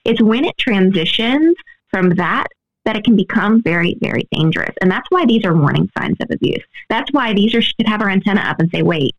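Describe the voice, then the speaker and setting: Brief: earnest expert woman, gravelly edge, dull lo-fi sound. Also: medium pitch, lively intonation, a little fast. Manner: earnest, explanatory, often adds "right?". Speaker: guest expert. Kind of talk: interview answers.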